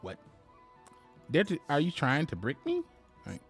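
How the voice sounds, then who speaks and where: Casting: lively male streamer, animated swings in pitch, chatty and joking, faint music underneath. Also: unhurried. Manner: animated, laughing, chatty with chat viewers. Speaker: game streamer. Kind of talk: live gameplay commentary.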